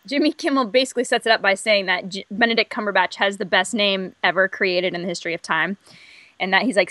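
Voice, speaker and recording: A woman co-hosting a casual podcast chat, giving dry, deadpan retorts. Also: mid-range voice, fast, dry recording. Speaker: podcast co-host.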